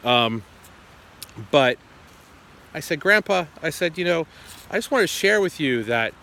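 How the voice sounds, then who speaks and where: Bright-voiced man in his forties telling a story. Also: a little high, expressive, a little slow. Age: 40s. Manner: retells a phone call, acting out both sides. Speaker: vlogger. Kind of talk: casual storytelling to camera.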